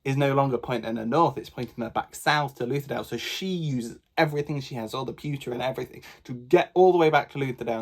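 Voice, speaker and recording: Excitable man gushing about a book. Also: medium pitch. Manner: gushing, excitable, rambling with fillers. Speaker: book reviewer. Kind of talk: casual book review chat.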